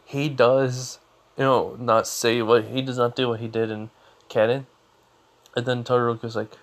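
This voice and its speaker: A man's voice: medium pitch, flat delivery, normal speed. A young man casually telling a fan fiction story off the cuff, rambling with lots of fillers and restarts.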